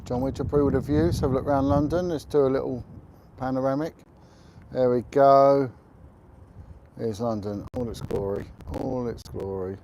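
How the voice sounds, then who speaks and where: A man's voice: mid-range voice, moderate pace, dark tone, slight background noise. A middle-aged man hosting a casual livestream outdoors, talking in a chatty, rambling way with blunt opinions. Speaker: livestream host. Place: outdoors on a windy rooftop.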